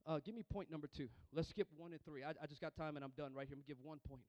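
A man's voice: a little high, very fast, darkish tone, no room sound, lo-fi sound. A man preaching a sermon as pastor, calling for responses from the congregation and often repeating words and restarting lines as he goes.

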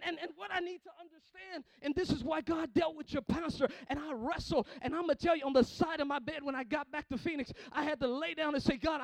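Preacher guy, really high voice, gravelly, goes from quiet to yelling at the church. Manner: preaching with call-and-response, swinging from hushed to shouting. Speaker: pastor. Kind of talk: sermon.

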